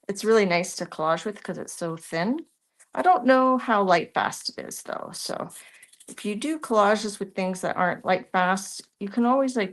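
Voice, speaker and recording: A woman giving a casual crafting tutorial, chatting and thinking aloud as she works. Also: medium pitch. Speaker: mixed media art tutor.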